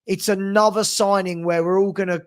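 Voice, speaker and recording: A man's voice: sits high, steady tone, normal speed, clear, resonant tone. A man hosting a live match watchalong, calling the play in a casual way and chatting with viewers about their comments. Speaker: watchalong host.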